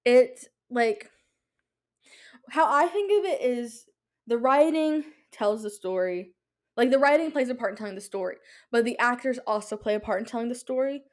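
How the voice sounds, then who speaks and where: A young adult woman hosting a podcast in casual chat, talking in an excitable, rambling way with many fillers. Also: on the high side, moderate pace. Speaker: podcast host.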